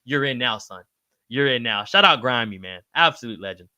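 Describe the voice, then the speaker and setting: A male livestream host with a bright, lively voice that leaps upward whenever he gets excited. He talks in loose slang, cursing often and calling out viewers by name. The sound is dry and close, with no room around it. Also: brisk, smooth, dry recording. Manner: swears freely, slangy, shouts out chatters by name; pitch jumps high when excited. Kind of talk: casual livestream chat reading comments.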